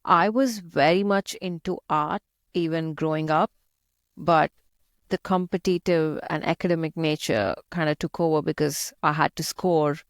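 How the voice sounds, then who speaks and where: A woman's voice: sits low, steady tone, normal speed, no echo, studio quality. A young woman from India with an Indian accent, chatting as an interview guest, laughing often and using many fillers. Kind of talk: casual interview chat.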